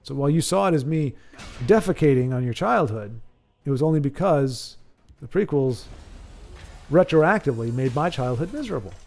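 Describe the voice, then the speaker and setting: A man's voice: a little high, animated, moderate pace, vocal fry, darkish tone. A man hosting a live stream, joking, rambling, and reading chat aloud.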